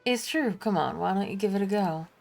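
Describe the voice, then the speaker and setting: A woman's voice: mid-range voice, a little fast, gravelly, soft background music, close to an everyday voice. A woman voicing a kindly young male traveling apothecary with a put-on Southern drawl, reading game dialogue aloud. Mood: reassuring. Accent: put-on American Southern. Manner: folksy, reassuring drawl.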